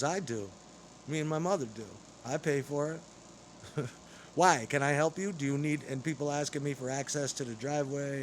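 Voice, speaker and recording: A man's voice: mid-range voice, a little hiss or hum. A man delivering an angry, rambling, profane monologue straight to camera.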